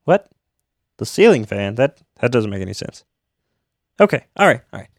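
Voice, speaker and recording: A man voicing a flustered, rambling male podcast guest who stammers and fills pauses. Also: mid-range voice, big pitch swings, dry recording, studio quality. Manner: hesitant, stammering, many fillers.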